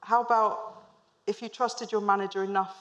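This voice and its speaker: Speaking at normal speed with a steady, medium-pitched and slightly bright voice, a woman in her thirties who works as a managing director tells stories in an on-stage business talk, asking the live audience questions and adding light humor.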